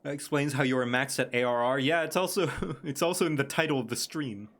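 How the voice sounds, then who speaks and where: A man's voice: medium pitch, fairly quick, a bit bright. A man streaming a video game, chatting casually and joking offhandedly. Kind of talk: casual live commentary. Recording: game music under voice. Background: video game music.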